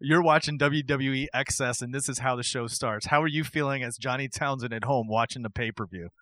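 A man's voice: mid-range voice, fairly quick, sharp tone, dry recording. A man hosting a casual podcast chat who tells a story with energy, acts out the quotes and laughs often. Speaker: podcast host. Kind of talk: excited wrestling storytelling chat.

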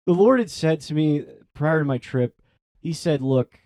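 A young man's voice sits on the high side at a normal speed, in clean studio sound with no echo. He's a priest telling his own story in a casual interview, animatedly voicing the people he quotes and dropping plenty of "like" fillers.

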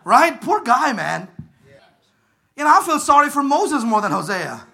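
A man preaching a sermon with fervor, rising to shouts and calling on the congregation to answer back. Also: very high voice, big pitch swings, unhurried, creaky. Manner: fervent, rises to shouts and calls for congregation responses. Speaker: pastor.

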